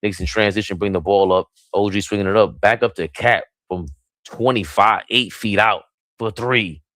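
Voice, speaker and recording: A man's voice: on the low side, normal speed, no echo. Hyped man calling a game from home. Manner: hyped, sing-song nicknames, excited outbursts. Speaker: live play-by-play streamer. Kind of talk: casual play-by-play commentary. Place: small room at home.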